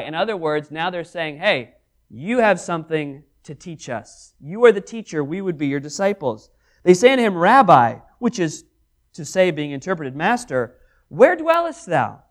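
A man preaching a Bible study sermon, reading verses aloud and acting out the dialogue in them. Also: sits high. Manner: animated, acts out scripture dialogue.

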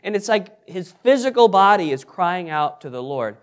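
A man's voice: high-pitched, big pitch swings, normal speed. A man teaching an interactive Bible study, asking the group questions and repeating their answers. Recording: echoey room with background noise.

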